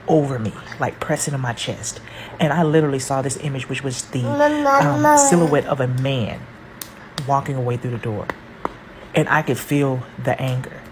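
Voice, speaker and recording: Low voiced mom, super animated, hushed then loud, spooky story, faint hum behind. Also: female voice, poor audio. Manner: animated, dramatic, swings between hushed and loud. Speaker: mother telling a story. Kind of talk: casual storytelling to camera.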